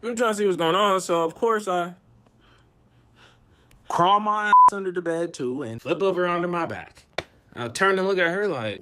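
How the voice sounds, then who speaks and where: A young man spins a story to camera in a slangy, animated way, sometimes sinking to a whisper. His voice sits a little high and bright, and its pitch leaps all over the place. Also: normal speed.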